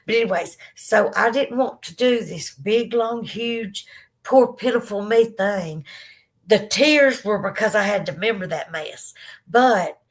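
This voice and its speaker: A woman with a Southern accent hosts a livestream and chats casually with her viewers. Her voice is teary from crying, and she talks in an emotional, rambling, affectionate way. Her pitch sits in an ordinary middle range. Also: unhurried. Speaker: livestream podcast host. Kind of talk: casual chat to live viewers.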